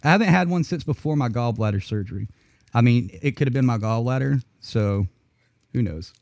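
A man co-hosting a podcast in loose, unscripted chat. He rambles and swears constantly, breaking into laughter often. His voice sits at a middle pitch and sounds dry and close. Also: animated, fairly quick, creaky, darkish tone, no room sound. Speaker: podcast co-host. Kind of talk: casual chat.

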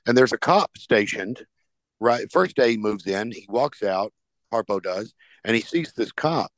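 Man, podcast host, lively storyteller, dry close sound. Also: fairly low pitch, unhurried, no room sound. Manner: animated anecdote telling, acts out quoted characters. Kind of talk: casual chat, storytelling.

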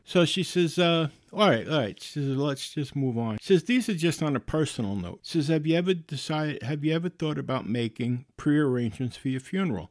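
Man, fairly high voice, animated storytelling, exasperated, acts out both sides, dry close sound. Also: dry recording. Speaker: host telling a story.

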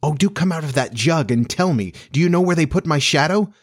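A man voicing a proud, quick-tempered young boy who talks boastfully and indignantly in a storybook reading. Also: a little high, expressive, voice pushed up.

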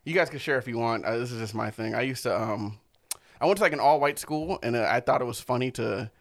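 A man in casual comedy banter, quick and loose, with a middle-pitched voice. He tells crude stories at speed and switches into other people's voices partway through. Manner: fast, animated storyteller who puts on voices for others. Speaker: podcast co-host.

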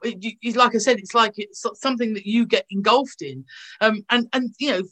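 A woman's voice: a little high, brisk, fairly bright tone. A woman, an actress, telling gushing anecdotes in a casual interview over a video call. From England. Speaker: actress guest.

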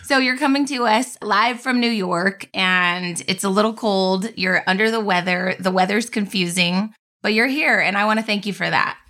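A woman hosting a podcast with a bright, forward voice. She talks in an energetic, enthusiastic way and swears casually. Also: mid-range voice, normal speed. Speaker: podcast host.

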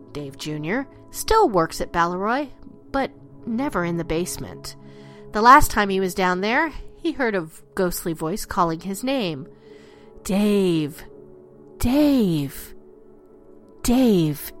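A woman narrating a ghost story in an expressive, dramatic way, dropping low and slowing down for the eerie parts. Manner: expressive, drops low and slows for spooky lines.

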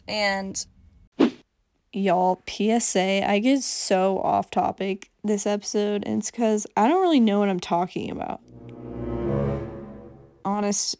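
A woman's voice: mid-range voice, creaky, a little mellow, dry recording. Chatty, rambling young woman podcaster. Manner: rambling, chatty, full of fillers. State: slightly hoarse. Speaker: podcast host. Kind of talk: casual solo podcast chat.

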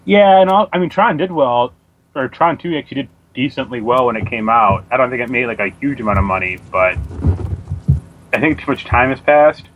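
A man's voice: medium pitch, expressive, fairly quick, a little hiss or hum. A man co-hosting a casual gaming podcast, blunt, with dry wisecracks. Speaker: podcast co-host. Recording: dull lo-fi audio.

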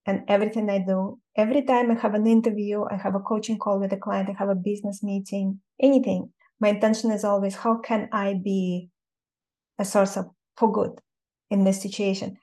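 A woman with a Russian accent speaks as an interviewer in a calm and measured way. Her pitch stays even, with little rise and fall. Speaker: interviewer and coach. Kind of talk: interview conversation.

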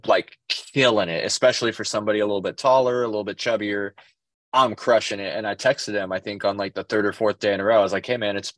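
Low-voiced man, rambling casual storyteller. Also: a bit bright, dry recording. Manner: rambling storyteller, profane, lots of fillers. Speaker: podcast co-host. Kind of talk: casual chat.

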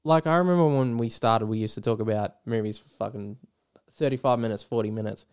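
A man's voice: mid-range voice, a little fast, a little mellow, clean tone. A man with an Australian accent co-hosting a podcast in casual chat, rambling with restarts and swearing freely. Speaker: podcast co-host.

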